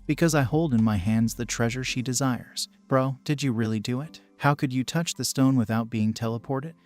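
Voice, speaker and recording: A man narrating a manhwa recap at a mid pitch, reading all the parts in one level voice. Soft music runs under him throughout.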